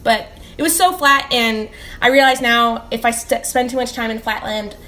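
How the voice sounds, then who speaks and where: A woman's voice: fairly high pitch, moderate pace, bright, forceful tone. A young woman from the Chicago suburbs, a geology PhD student, explaining eagerly with many fillers. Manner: enthusiastic, filler-heavy explanations. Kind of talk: interview answers. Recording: faint background noise.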